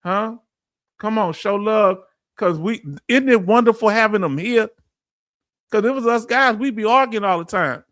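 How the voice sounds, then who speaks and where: A man hosting a casual livestream, reading viewer comments aloud and giving heartfelt shout-outs. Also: sits high, normal speed, no echo, studio quality. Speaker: livestream host.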